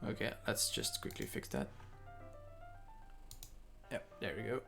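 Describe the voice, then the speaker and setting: Guy reading a game out loud on stream, all the parts in his normal voice, cracking jokes in between, faint music behind. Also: lowish voice, huge pitch swings, unhurried, creaky. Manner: reads all parts in his own voice with joking asides. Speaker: streamer reading a visual novel aloud. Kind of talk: casual let's-play narration and dialogue reading.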